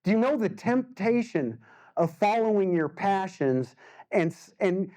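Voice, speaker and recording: A man in his sixties, an artist giving a casual storytelling talk, animated and acting out the voices he quotes, with frequent laughs. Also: high-pitched, unhurried. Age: 60s. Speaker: guest artist speaker.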